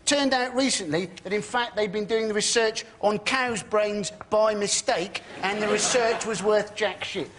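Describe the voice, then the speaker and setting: A man's voice: high-pitched, unhurried, hardly any pauses, fairly bright tone. A man on a comedy panel show, ranting sardonically and acting out silly exchanges.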